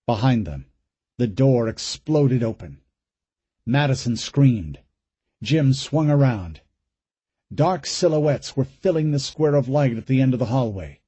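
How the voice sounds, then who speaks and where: A man's voice: medium pitch, warm tone, slightly rough, no echo, dull audio. A man reading a horror audiobook aloud in a dramatic, suspenseful way. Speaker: audiobook narrator. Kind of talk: scripted narration.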